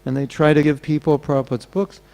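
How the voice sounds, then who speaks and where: Over soft background music, a man preaches at a temple gathering in a high-leaning, slightly mellow, creaky voice with little pitch movement and a fast pace. He tells stories and acts out the voices of those in them.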